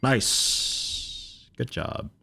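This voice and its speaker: A man's voice: drawn-out words, bright, forceful tone, soft background music. A young man giving rambling, laid-back let's play commentary, swearing and chuckling now and then. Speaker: streamer playing a video game.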